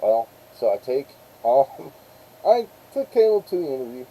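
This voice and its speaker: Dark-voiced man telling stories. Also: mid-range voice, sing-song, measured pace, slightly rough, low-quality recording. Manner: rambling, acts out quoted people. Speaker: live streamer. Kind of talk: casual storytelling.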